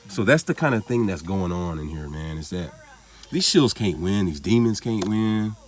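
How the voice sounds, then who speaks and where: A man with a lowish voice rambles through a casual vlog monologue. He swears freely and shrugs things off with a loose, offhand delivery. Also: lively intonation, moderate pace. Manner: rambling, profane, laughing it off. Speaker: vlogger.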